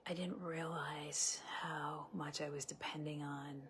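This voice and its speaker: A woman's voice: low voice, steady tone, measured pace, fairly bright tone, slight background noise. A woman relationship coach talking earnestly and conversationally to her viewers, with many fillers and restarts. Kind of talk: live coaching talk to viewers.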